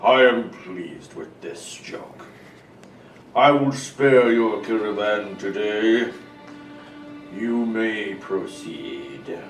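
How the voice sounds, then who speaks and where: A man voicing a huge dragon who grandly grants passage, slow and formal. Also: fairly low pitch, echoey room, far from the mic, faint music behind, poor audio. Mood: pleased. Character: huge green-steaming male dragon, amused and lordly.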